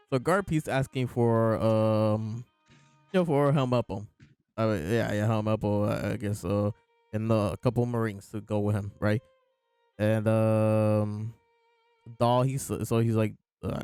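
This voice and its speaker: Laid-back and rambling, this man hosts a podcast where he chats about a manga chapter, dropping plenty of fillers and laughs. His voice sits on the low side with a darkish, clear, resonant tone, and there's no echo.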